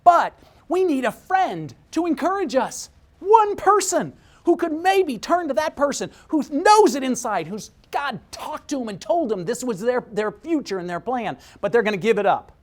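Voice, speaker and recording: A middle-aged man giving a motivational talk, telling stories with big swings in pitch and loudness. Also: very animated, normal speed. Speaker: speaker. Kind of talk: motivational speech.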